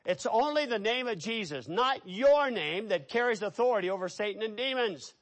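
A man preaching an expository sermon, swinging between low, quiet asides and loud, emphatic bursts. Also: lively intonation, moderate pace, hardly any pauses. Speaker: pastor.

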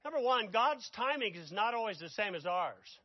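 A man preaching a sermon, telling the story dramatically and swinging from loud outbursts to hushed asides. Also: high-pitched, big pitch swings, normal speed, husky, dry recording, dull audio.

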